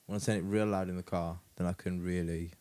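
A man co-hosting a podcast, chatting casually, animated and laughing often. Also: low voice, quick pace. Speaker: podcast co-host. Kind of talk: casual chat.

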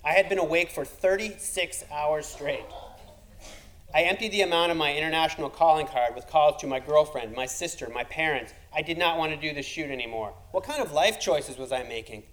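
A man's voice: fairly high pitch, brisk, a bit bright, rough recording. A man telling a comic personal story, wry and self-deprecating, building to punchlines.

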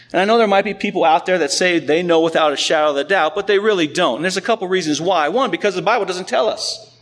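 A man pastor preaching a sermon to a congregation in an animated, conversational, storytelling way. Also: on the high side.

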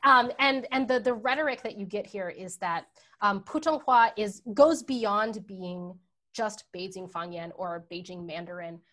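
A woman's voice: mid-range voice, measured pace, bright, forceful tone. A woman scholar answering audience questions in a talk, thinking aloud with many fillers and tag questions. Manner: hesitant, many ums and rights. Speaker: guest scholar. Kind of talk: academic Q&A answer.

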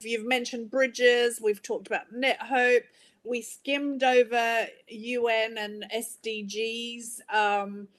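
A woman with a somewhat high voice hosts an interview. She asks her questions in a conversational way and encourages her guest. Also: little pitch movement, slow pace.

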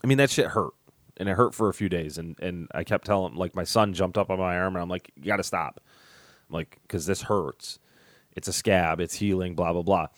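A man's voice: sits low, fairly quick, dry recording, clean studio sound. A man in his forties chatting casually as a podcast co-host, rambling and laughing at his own jokes. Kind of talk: casual chat.

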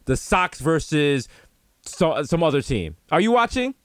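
A man, co-hosting a casual comedic chat and acting out stories with lively put-on voices. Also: fairly high pitch, unhurried, dry recording. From New York. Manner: animated storytelling, acts out other voices. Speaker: podcast co-host.

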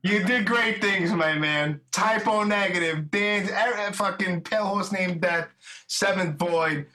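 A middle-aged podcast host with a bright, forceful voice pitched a little high. He rambles along in chummy, profane chat. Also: unhurried. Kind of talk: casual interview chat.

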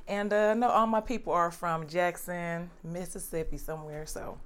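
A middle-aged woman with a hard Southern accent who grew up in Detroit, chatting casually as a guest with a relaxed, drawling manner and frequent laughter. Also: on the low side, moderate pace. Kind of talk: casual chat.

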